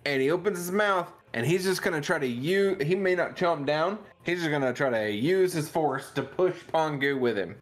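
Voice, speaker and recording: A man's voice: fairly high pitch, animated, moderate pace, hardly any pauses. A man playing a tabletop game, describing his character's moves in a playful, joking way. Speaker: player. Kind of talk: casual tabletop play.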